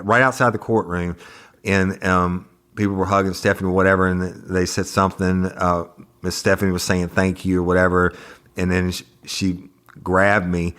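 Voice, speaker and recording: Deep-voiced man telling a story. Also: a bit bright. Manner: rambling, profane, repeats words. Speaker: true crime podcast host. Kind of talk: emotional first-person storytelling.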